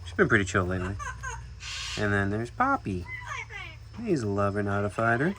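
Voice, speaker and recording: Outdoors among animal pens and aviaries, an animal keeper vlogger chats casually to camera and speaks fondly to his animals. His lowish voice has a sing-song quality at normal speed, and the recording picks up outdoor noise and animal sounds.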